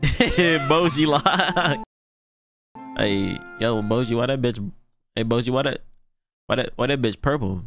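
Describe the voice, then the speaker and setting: A young man hosting a casual anime reaction, excitable and slangy, laughing often and breaking into delighted shouts. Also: mid-range voice, measured pace, pauses often, soft background music.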